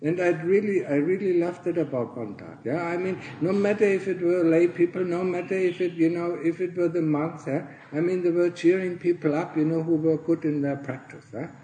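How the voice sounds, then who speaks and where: A man, a Buddhist monk, giving a Dharma talk to fellow monastics in a monastery, earnestly tagging nearly every phrase with "yeah?" or "huh?" and often clearing his throat. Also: on the high side, normal speed, few pauses, warm tone, roomy sound, lo-fi sound, slight background noise. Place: monastery in Thailand.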